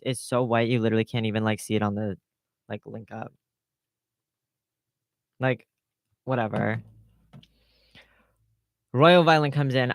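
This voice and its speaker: A vlogger telling the story of an online fight in a heated, profane rant. The voice is smooth and clear, with a dry sound and no room echo. Medium pitch throughout. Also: steady tone, a little slow, pauses often. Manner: reads out online comments in acted voices. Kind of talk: casual vlog rant.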